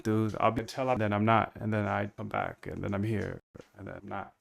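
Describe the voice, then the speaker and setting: A young man with a lowish, gravelly voice streams himself coding a trading bot, talking briskly with fairly even intonation. In this casual live-stream talk he rambles, mutters to himself, and says "dude" a lot.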